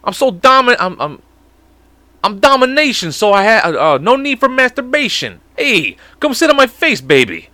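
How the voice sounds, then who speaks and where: A man voicing a brash, swaggering macho street tough who brags loudly. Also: very high voice, big pitch swings, normal speed, dry recording, voice pushed up, full character voice. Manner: swaggering, boastful.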